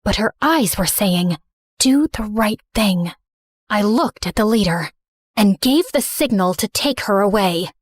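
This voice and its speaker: A woman narrating a scripted animated story in first person, earnest and remorseful. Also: medium pitch, measured pace, no echo, clean studio sound.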